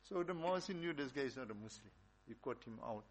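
A man's voice: mid-range voice, expressive, a little fast, a little hiss or hum. A man preaching a religious talk, telling stories and repeating his points emphatically. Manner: repetitive, emphatic. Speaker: religious teacher. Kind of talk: sermon with storytelling.

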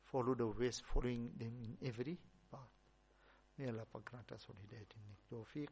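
A man, a religious teacher, giving a storytelling sermon with emphatic rises and soft asides. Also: medium pitch, steady tone, fairly quick, a little hiss or hum.

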